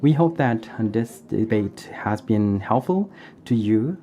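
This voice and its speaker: A man giving a live English interpretation of a formal debate, pausing often with "uh". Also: fairly low pitch, expressive, mellow. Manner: halting, with frequent "uh" pauses.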